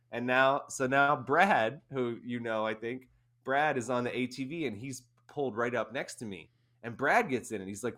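A man, an army veteran guest, casually telling an animated anecdote and often laughing. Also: medium pitch, moderate pace. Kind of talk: casual storytelling.

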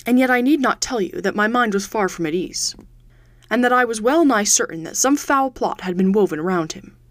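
A woman's voice: medium pitch, dry recording, lightly acted. A woman voicing a troubled young man who tells his tale earnestly and anxiously.

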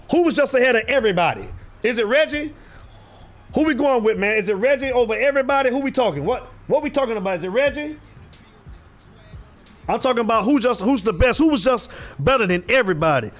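High-voiced man hosting live sports chat. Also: a bit bright. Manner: drawling, repeats names, calls out viewers. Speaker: live stream host. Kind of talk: casual live sports talk.

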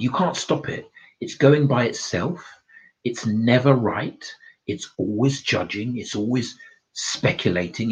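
A man giving a casual self-development talk, blunt and swearing freely, laughing at his own points. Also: medium pitch. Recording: dull lo-fi recording.

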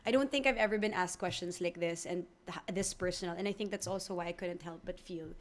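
Woman, 30s, podcast guest: warm, candid, stammers and restarts. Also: lowish voice, fast talker. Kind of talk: candid conversational interview.

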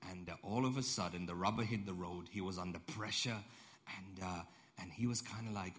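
A man's voice: low-pitched, a little fast, fairly bright tone. A man preaching a sermon in a conversational storytelling way, repeating phrases and putting questions to the congregation. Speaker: pastor.

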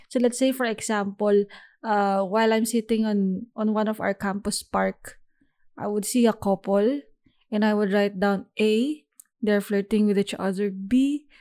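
A young woman hosting a solo podcast, talking through her thoughts in a reflective, unhurried way with small restarts. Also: medium pitch, warm tone. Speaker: podcast host.

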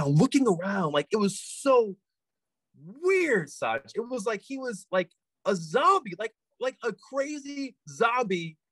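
A man telling a long story as a podcast guest, in a casual animated way, repeating himself and filling with "like". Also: high voice, breathy edge, dry recording, low-quality recording.

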